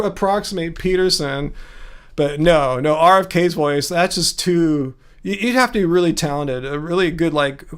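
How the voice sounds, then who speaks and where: A man hosting a livestream in casual chat, joking, laughing at himself and reacting to comments from chat. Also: on the high side. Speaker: livestream host.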